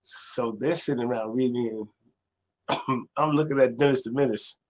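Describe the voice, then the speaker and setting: A man, a librarian telling stories as a guest in a casual interview, animated and acting out other people's voices. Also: mid-range voice, moderate pace, low-quality recording. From New York City. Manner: animated storyteller, acts out quoted voices.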